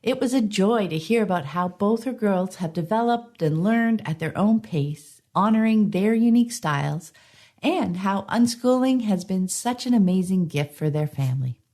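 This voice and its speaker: Hoarse-sounding woman hosting a podcast. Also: mid-range voice, dark tone. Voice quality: slightly hoarse, frog in throat. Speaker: podcast host. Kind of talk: podcast intro and interview.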